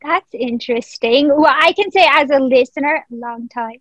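A woman with a high voice talks as a podcast guest and a longtime listener of the show. She sounds enthusiastic and laughs often. The sound is dry and close. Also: normal speed, a bit bright, no echo, low-quality recording. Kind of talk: casual chat.

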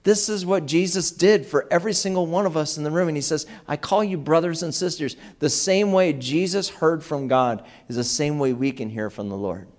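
A pastor in a church, telling everyday stories from the pulpit in a chatty sermon. He voices the people in his anecdotes and keeps an animated tone. His voice sits fairly high for a man. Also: normal speed, hardly any pauses. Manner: animated anecdotes with acted-out dialogue. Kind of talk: conversational sermon storytelling.

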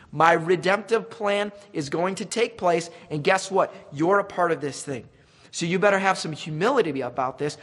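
A man preaching in a relaxed, conversational style, dropping into a slow, weighty voice when he speaks God's words. His voice sits a little high and has a husky edge. The long reverb of a large church hall trails behind him. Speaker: pastor. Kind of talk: sermon.

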